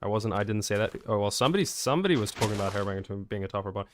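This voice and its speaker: A man's voice: fairly low pitch, animated, rapid-fire, a little hiss or hum. A man streaming a building game live, chatty and joking as he reacts to viewer messages. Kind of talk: live gameplay stream, answering chat.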